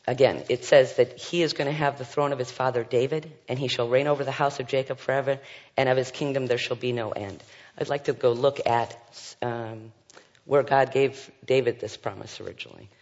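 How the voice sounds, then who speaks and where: A man's voice: medium pitch, darkish tone. A man leading a Bible study, reading scripture aloud and commenting with frequent fillers and asides. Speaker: Bible teacher. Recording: dull sound with long hall reverb.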